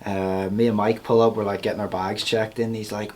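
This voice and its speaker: A man talking as a podcast guest in casual chat, laughing often as he tells quick anecdotes. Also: medium pitch, steady tone, a little mellow, a little hiss or hum.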